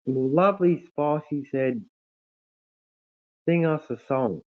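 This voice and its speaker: A man's voice: fairly high pitch, slow pace. A man hosting a casual livestream, reading out viewer comments and calling everyone mate and brother. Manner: warm, effusive, calls everyone mate and brother. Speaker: livestream host. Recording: tinny phone-like audio.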